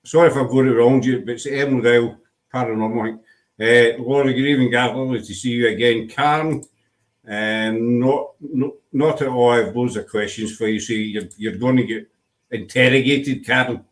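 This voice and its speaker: A man's voice: medium pitch, steady tone, moderate pace. A man hosting a casual live online chat, teasing his guest and reading out viewer comments. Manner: chatty, teasing, reads viewer comments aloud. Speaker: host.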